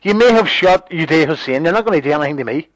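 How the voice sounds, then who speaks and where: Angry man, high voice. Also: lively intonation, fast talker, a bit bright, no echo, poor audio. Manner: angry, sweary, insistent. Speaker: online promoter. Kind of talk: heated phone argument.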